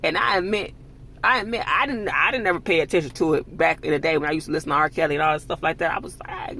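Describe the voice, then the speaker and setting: Angry profane man ranting, gravelly voice. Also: a little high, quick pace, sharp tone, a little hiss or hum. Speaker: vlogger. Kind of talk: heated commentary monologue.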